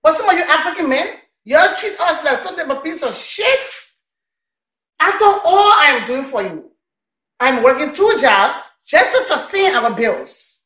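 An actress with a Liberian English accent plays a suspicious young wife who scolds her husband and accuses him of lying. Her high, fairly bright voice swings widely in pitch at a moderate pace, and the room is echoey.

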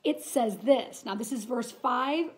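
A woman's voice: a little high, unhurried. A woman teaching a casual Bible study lesson, talking in an earnest, chatty way and reading scripture aloud.

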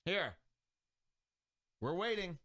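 A man's voice: high voice, very animated, drawn-out words, crowd noise. A man hosting a comedy show, sarcastically mocking a clip he plays. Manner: sarcastic, with jokey exaggeration. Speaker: host. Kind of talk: mocking commentary over a clip.

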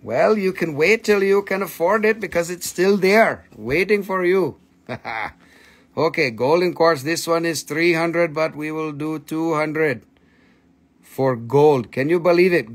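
Speaking into a phone at a measured pace, a man with a fairly high voice runs a live-stream sale. He's playful and joking, trading banter with his viewers and with himself as he pitches.

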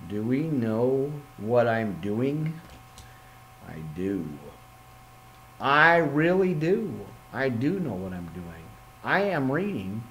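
A man leads a loose, homespun Bible study sermon, reading scripture and wandering off into playful asides. His pitch swings widely and he takes his time between phrases. A faint hum sits under the recording. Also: poor audio. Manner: rambling, playful, reads scripture aloud with asides. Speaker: preacher.

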